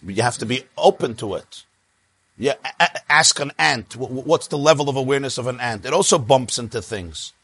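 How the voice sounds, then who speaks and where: Guy lecturing a class, tells little stories, trips over words sometimes, dry close sound, mid pitch. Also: fairly quick, slightly rough, no room sound. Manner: lively storyteller, stammers on restarts. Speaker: teacher. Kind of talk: religious class lecture with anecdotes.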